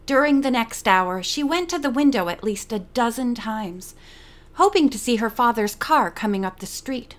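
A woman narrating a mystery novel for an audiobook in a steady storytelling manner. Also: fairly high pitch, normal speed. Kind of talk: scripted narration.

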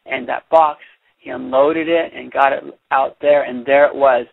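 A man reading a children's picture book aloud as a teacher, chatty and animated, stopping to explain. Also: mid-range voice, a little slow, vocal fry, breathy edge, dry recording. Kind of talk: read-aloud storytelling with commentary. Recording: dry, tinny phone-like sound.

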